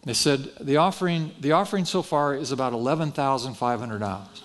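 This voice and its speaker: A pastor preaching a sermon, telling a story in a folksy, self-deprecating way and acting out the dialogue. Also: male voice, mid-range voice, brisk, hardly any pauses, slight background noise.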